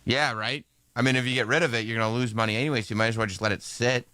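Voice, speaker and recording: Bright, dry-sounding man teasing his co-host. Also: medium pitch, steady tone, very fast, dry recording. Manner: teasing, wry commentary. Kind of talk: casual radio banter.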